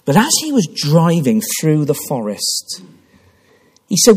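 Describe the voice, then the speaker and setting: A man delivers a sermon in a church. His voice is husky and sits a little high. His delivery swings widely in pitch, full of passionate restarts. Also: huge pitch swings, normal speed, darkish tone. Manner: impassioned storytelling with repeated restarts. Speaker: preacher.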